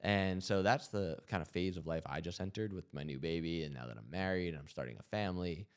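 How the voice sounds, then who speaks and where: A man in his thirties with a very low, deep voice speaks earnestly on a podcast. He reflects as he tells his story, leaning on "you know" and "like" as he goes. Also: fairly quick, clean tone. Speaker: podcast host.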